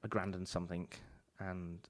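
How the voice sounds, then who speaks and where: A man, a chef and podcast guest telling animated anecdotes in a casual chat, full of swearing and restarts. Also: sits low, normal speed.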